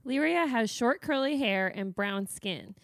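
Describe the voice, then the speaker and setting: A woman's voice: a little high, animated, a little slow, gravelly, no room sound, studio quality. A woman co-hosting a casual podcast, playful and laughing mid-sentence. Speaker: podcast co-host.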